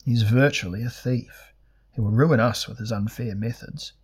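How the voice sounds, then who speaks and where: A man's voice: medium pitch, moderate pace, breathy edge. A man voicing an intense, scrawny merchant spokesman who speaks in an insistent, aggrieved way.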